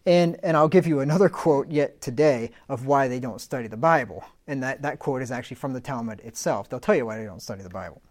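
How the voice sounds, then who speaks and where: A man's voice: medium pitch, fast talker, hardly any pauses, a little mellow. A man giving a teaching talk. He reads old scripture aloud with rising emphasis and slips into plain, conversational asides with fillers between readings. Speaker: Bible teacher.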